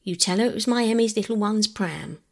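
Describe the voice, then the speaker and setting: A woman reading aloud and voicing a kindly older village woman, homely and a little wistful, with a husky voice. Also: mid-range voice, brisk, darkish tone, pitched above the performer's own voice.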